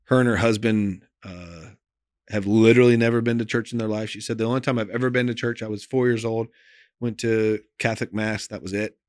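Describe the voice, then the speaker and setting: A man, a pastor, telling a personal story in an interview in an earnest, emotional way, often trailing off soft and quiet, with loose phrasing and many fillers. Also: lowish voice, fairly even intonation, brisk, no echo, studio quality.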